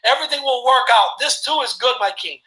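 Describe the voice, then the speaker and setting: A man doing an endlessly optimistic royal counselor who keeps soothing his king with the same reassurance. The voice is bright and ringing, and it stays serene and steady. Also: very high-pitched, a little fast, reverberant, full character voice, low-quality recording. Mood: calm. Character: relentlessly upbeat male royal counselor.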